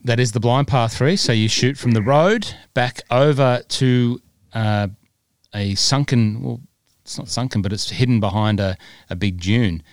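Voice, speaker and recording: A man's voice: mid-range voice, unhurried, no echo, studio quality. A man co-hosting a podcast in casual chat, rambling along with plenty of fillers. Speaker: podcast co-host.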